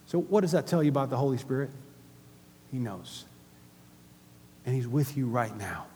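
A man preaching a sermon in a church, animated and emphatic, often putting questions to the congregation. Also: medium pitch, normal speed, slight background noise. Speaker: pastor. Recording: long hall reverb.

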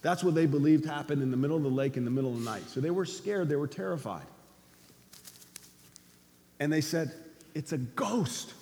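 Man, pastor, lively sermon delivery, loud cries then low quiet lines, high voice, long hall reverb. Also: moderate pace, pauses often, a little hiss or hum.

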